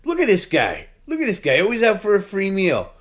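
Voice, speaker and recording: A man putting on an exasperated middle-aged man, yelling insults in a high, strained voice pushed well above his normal register. The voice is loud and disgusted, always on the edge of a rant. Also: wildly swooping pitch, a little fast.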